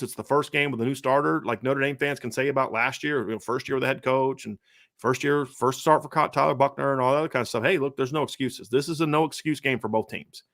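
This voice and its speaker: A man hosting a casual sports podcast, talking quickly and acting out other people's quotes. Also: medium pitch, creaky, no room sound, studio quality. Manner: fast, animated, acts out quotes. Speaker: podcast host.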